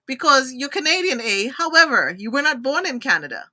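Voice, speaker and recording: A woman from Trinidad hosting a live interview show on a video call, animated and expressive, drifting into tangents. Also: sits high, fairly quick. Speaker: host.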